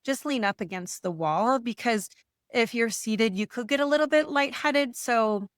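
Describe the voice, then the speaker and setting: A woman facilitating breathwork, giving slow, soothing guidance over a video call. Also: fairly high pitch, no room sound, studio quality. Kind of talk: guided breathwork instruction.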